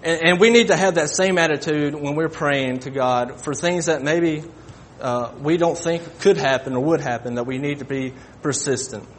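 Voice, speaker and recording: Man, sermon, halting and repetitive, slightly high voice, faint rumble behind. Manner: halting, repeats words, folksy. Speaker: preacher.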